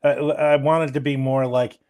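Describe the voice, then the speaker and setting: A man's voice: medium pitch, level tone, moderate pace, darkish tone. A man co-hosting a movie podcast, laughing and sarcastic in casual chat. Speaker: podcast co-host.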